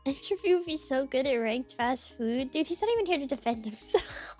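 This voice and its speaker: Bubbly, very high-pitched young woman. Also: a little fast, faint music behind. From United States. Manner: bubbly, excitable, rattling off greetings to chat. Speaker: streamer. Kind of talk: casual live-stream chat.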